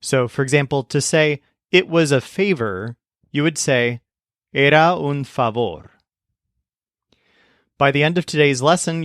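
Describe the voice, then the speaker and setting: A man narrating a scripted language lesson, explaining clearly and slowing down to model example phrases. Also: fairly high pitch, a bit bright, no room sound, clean studio sound. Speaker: language teacher.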